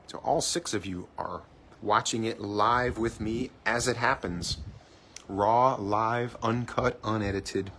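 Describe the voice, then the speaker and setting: Live streaming from his cruise ship balcony on a handheld phone, a man playfully narrates what he sees and teases himself. His mid-range voice is a bit bright, with a little hiss or hum in the audio.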